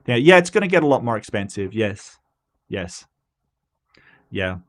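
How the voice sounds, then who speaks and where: Australian male streamer, casual host, rambling and chatty, mid-pitched. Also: big pitch swings, unhurried, fairly bright tone. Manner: chatty and rambling, with frequent restarts and asides. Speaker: livestream host. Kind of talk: casual livestream commentary.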